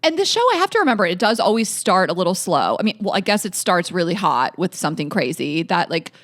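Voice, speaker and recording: Woman in her 30s cohosting a podcast, bouncy pitch, kinda low voice, dry close mic. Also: fast, no echo. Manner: animated, laughs often. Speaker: podcast co-host. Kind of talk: casual chat.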